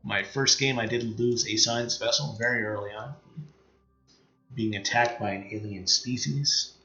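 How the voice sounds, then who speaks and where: A man's voice: medium pitch, steady tone, a little slow, pushed and bright, roomy sound, highs cut off, faint music behind. A man with a Canadian accent commentating on his strategy game in a casual, rambling way, full of fillers and half-finished thoughts. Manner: thinks aloud, many fillers and trailing-off sentences. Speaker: let's play streamer.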